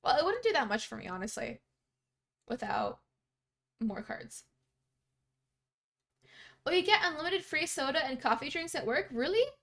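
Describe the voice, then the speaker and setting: A young woman from Canada chats live with her stream viewers as she plays. Her voice sits high and bright, and she giggles often and replies to messages in a bubbly, easygoing way. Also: sing-song, normal speed, pauses often. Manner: bubbly, giggly, chatty, reads chat aloud. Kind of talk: casual live-stream chat.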